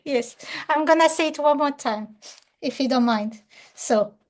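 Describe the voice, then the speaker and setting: A woman's voice: sits high, a little slow. A woman student in an online language class, hesitant and apologetic as she practises reading aloud.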